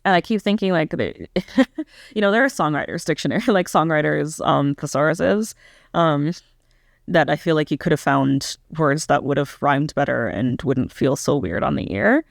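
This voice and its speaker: A woman's voice: low voice, animated, normal speed, gravelly, no room sound, studio quality. A young woman giving a casual, candid reaction review of a pop album, hesitant and full of "um" and "like" as she thinks aloud. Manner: candid, self-questioning critique.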